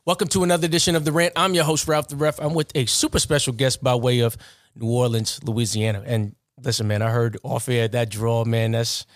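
A man's voice: mid-range voice, level tone, a little fast, no echo, studio quality. A man with a New York accent hosting a podcast interview, talking casually and rambling, with lots of fillers. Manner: rambling, many fillers like "man" and "you know". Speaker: podcast host and referee.

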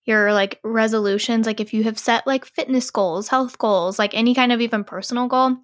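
A woman's voice: a little high, moderate pace, no echo, clean studio sound. A woman co-hosting a marketing podcast, chatty and eager as she joins in. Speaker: podcast co-host. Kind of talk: casual podcast chat.

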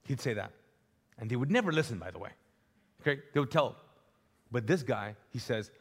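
A man's voice: medium pitch, fairly quick, pauses often, husky. Man preaching in an echoing church. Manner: animated, repetitive storytelling. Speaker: pastor. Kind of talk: sermon. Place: large church auditorium. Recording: live church hall with long reverb.

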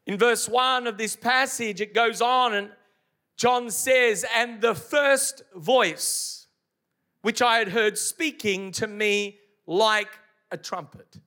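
Man, pastor, sermon, very high voice, bright and forceful, emphatic, asks the congregation questions. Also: fairly even intonation, slow. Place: church service before a congregation.

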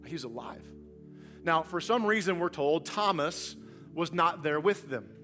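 Male pastor, sermon, high tenor voice, storytelling, swings quiet to loud, soft music underneath. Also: lively intonation, unhurried. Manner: dynamic preacher, storytelling with humor, swings from hushed to loud.

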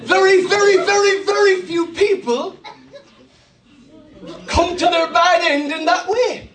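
A man with an Irish accent preaching a sermon to a church, telling jokey stories in an animated way, often laughing as he talks. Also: very high-pitched, slow, far from the mic. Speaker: pastor. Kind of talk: sermon with humorous storytelling. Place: large church hall. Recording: echoey church hall, from off-mic.

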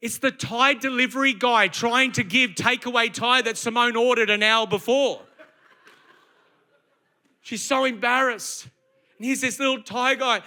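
The speaker is a middle-aged pastor giving a sermon from the church stage. His voice is high, forceful, and very bright, and he preaches through lively stories while asking the congregation one rhetorical question after another.

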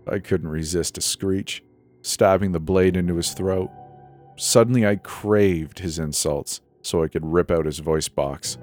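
Deep male horror narrator, measured and dramatic, soft music bed. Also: fairly even intonation. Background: faint music.

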